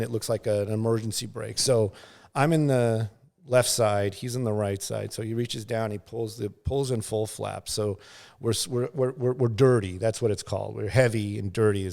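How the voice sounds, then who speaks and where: Gravelly middle-aged man telling a story. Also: lowish voice, mellow. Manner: rambling, full of fillers and restarts; acts out sounds and quotes in the story. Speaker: aerial news pilot, podcast guest. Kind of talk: casual storytelling.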